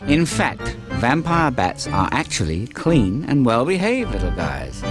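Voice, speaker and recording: A man's voice: medium pitch, wildly swooping pitch, unhurried. Playful man narrating over music. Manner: jokey, playful. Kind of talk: scripted wildlife narration for kids.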